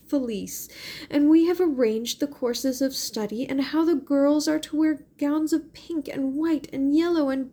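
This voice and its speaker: Woman reader doing a pleading young lady in a storybook, higher, breathy, tearful. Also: warm tone. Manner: imploring, tearful. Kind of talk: audiobook reading.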